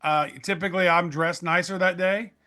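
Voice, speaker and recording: A man co-hosting a podcast, talking casually in a chatty, animated storytelling way. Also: sits high, moderate pace. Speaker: podcast co-host.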